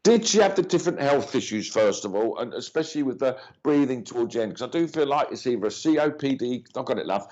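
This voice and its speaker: A man's voice: medium pitch, darkish tone. A man hosting a live mediumship reading stream, chatting loosely and greeting viewers by name between rambling, filler-filled remarks. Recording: dull lo-fi stream audio.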